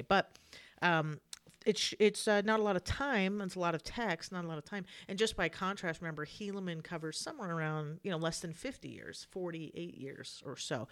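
A woman's voice: sits low, fairly bright tone. A woman hosting a casual scripture study podcast, sounding sleepy, chatty and repeating herself with many fillers. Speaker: podcast host.

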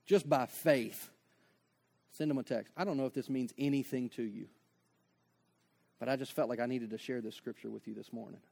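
A man's voice: mid-range voice, fairly even intonation, moderate pace, gravelly, pauses often, darkish tone. A man preaching a sermon as pastor, conversational, with joking asides and acted-out dialogue.

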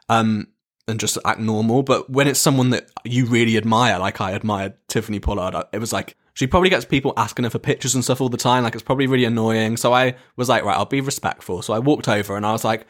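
An English man in his twenties tells a casual storytime monologue with lively, swinging pitch. He laughs often and drops swear words freely. His voice sits at an average pitch for a man. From England. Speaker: vlogger.

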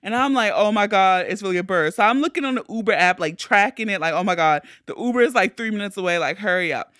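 Young female podcast host, animated and profane storyteller, bright voice, dry close mic. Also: mid-range voice, fast talker, no echo. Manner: animated, profane, shrieks when acting out panic. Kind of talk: casual storytelling.

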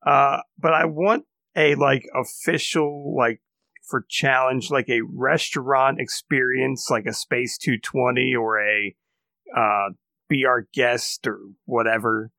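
A man's voice: medium pitch, steady tone, takes it slowly, bright, forceful tone, no echo. A man co-hosting a casual comedy podcast, rambling with many fillers and restarts. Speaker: podcast co-host.

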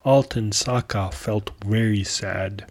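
Slow, measured male storyteller. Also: lowish voice. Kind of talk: folktale narration.

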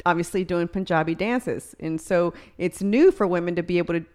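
Animated storytelling woman. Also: fairly low pitch, smooth. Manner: animated storyteller, quick bursts of quoted dialogue. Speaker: podcast co-host. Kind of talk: casual chat.

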